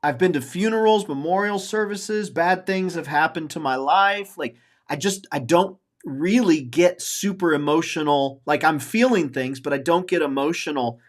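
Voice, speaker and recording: Speaking at a moderate pace in a voice on the high side, a man in his forties hosts a casual podcast. He opens up earnestly about his emotions, rambling and returning to the same phrases.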